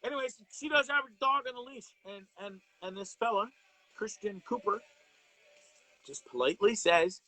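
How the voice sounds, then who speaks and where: A man's voice: sits high, normal speed, pushed and bright, dry recording, rough recording. A middle-aged man hosting a live online show, talking casually and ranting with profanity, rambling with fillers and restarts, and reading viewer comments aloud.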